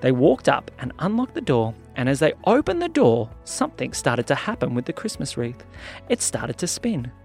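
Man, children's story narration, animated delivery, faint music. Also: mid-range voice, moderate pace, creaky. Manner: lively, animated reading.

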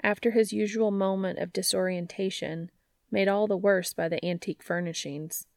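A woman narrating fiction aloud in an even storytelling manner. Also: medium pitch, moderate pace, creaky, no room sound, studio quality. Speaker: audiobook narrator.

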